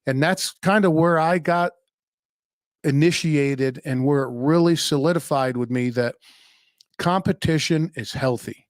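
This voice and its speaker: A man's voice: a little high, unhurried, no room sound. A man in his thirties hosting a solo podcast, telling stories in a blunt, profane, offhand way. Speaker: podcast host. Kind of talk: unscripted solo podcast monologue.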